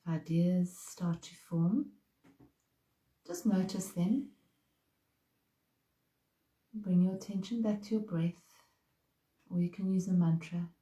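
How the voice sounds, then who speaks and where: A woman leads a guided meditation, speaking slowly and softly with a calm, unhurried manner. Her voice is very mellow and warm, a little low. The recording has a roomy echo. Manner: slow, soft, calm guidance. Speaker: meditation teacher.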